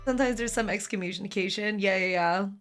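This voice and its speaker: Chatty hoarse young woman streamer. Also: mid-range voice, fast, faint music behind. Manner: animated storytelling, laughs often, swears casually. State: hoarse from karaoke. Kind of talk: casual chat to a live stream.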